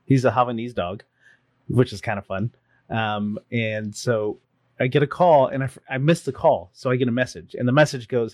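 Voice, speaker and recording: A man spins a casual anecdote for friends, laughing as he goes and slipping into quick voices for the people in his tale. His voice sits at a middle pitch and sounds close and dry, with no room around it. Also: dry recording. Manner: animated, laughs often, acts out voices in his stories. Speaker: participant sharing a story. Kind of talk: casual storytelling among friends.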